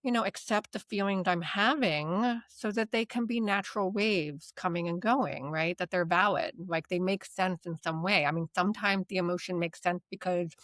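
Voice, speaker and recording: A woman's voice: lowish voice, normal speed, hardly any pauses, fairly bright tone, no echo. A woman hosting a talk about therapy skills. She teaches in a casual, chatty way, keeps asking "right?", and laughs lightly as she talks. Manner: laughs lightly mid-sentence. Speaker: DBT course instructor and podcast host.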